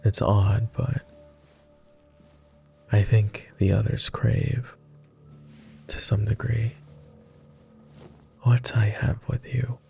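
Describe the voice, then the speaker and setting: A jaded immortal vampire, played by a man, murmurs in a whispered role-play with a posh British accent. His voice is dark and deeply gravelly, and he takes his time over every word. Soft music sits faintly behind him. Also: level tone, full character voice. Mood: wistful. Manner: slow, gentle and teasing. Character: jaded immortal male vampire, tender and teasing.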